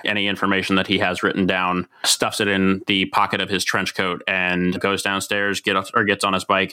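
Bright-voiced man, rambling player. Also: lowish voice, clean tone. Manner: rambling, self-correcting. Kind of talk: casual tabletop game play.

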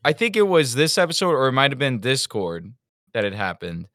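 A man's voice: mid-range voice, sing-song, fairly quick, a bit bright, no room sound. A man co-hosting a casual review podcast, blunt and exasperated, swearing casually into a close mic. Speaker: podcast co-host.

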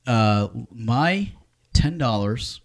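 A man's voice: medium pitch, extremely slow. A man with a New Jersey accent, a family retail business leader, chatting casually and playfully skeptical about investing. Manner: animated, playfully skeptical, talks over others. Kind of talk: casual chat.

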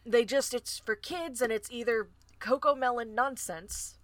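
A woman's voice: on the high side, a little slow, heavy background noise. A young woman co-hosting a casual podcast, blunt and opinionated, with lots of fillers. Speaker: podcast co-host. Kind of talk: casual chat.

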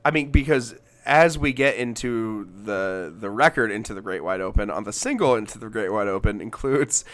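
A young man from Alabama co-hosts a casual music talk. He has a low voice, rambles and keeps restarting his sentences. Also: lively intonation, moderate pace, a bit bright. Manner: rambling, reads aloud, frequent restarts. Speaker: podcast co-host.

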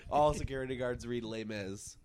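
A man co-hosting a casual chat, rambling with fillers and deadpan jokes. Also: mid-range voice, normal speed, no room sound. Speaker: podcast co-host.

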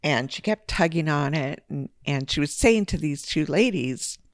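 A woman co-hosting a podcast, telling a personal story in a casual, lively way with big jumps in pitch. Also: normal speed, dry recording, clean studio sound. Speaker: podcast co-host.

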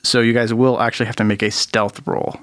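A man narrating as game master of a tabletop role-playing game, relaxed and laughing easily. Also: mid-range voice, brisk, slight background noise.

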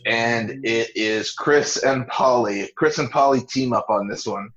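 A man's voice: medium pitch, measured pace, lo-fi sound. A man casually recapping a TV episode in a podcast, swearing freely and acting out quotes. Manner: relaxed, profane, acts out quotes in bursts. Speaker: podcast host. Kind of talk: casual chat recapping a TV show.

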